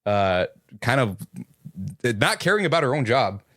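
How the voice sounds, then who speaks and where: A man's voice: medium pitch, big pitch swings, a little slow, a bit bright, no echo, clean studio sound. A man co-hosting a casual film review chat, musing on the film's themes in a hesitant, reflective way. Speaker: podcast co-host.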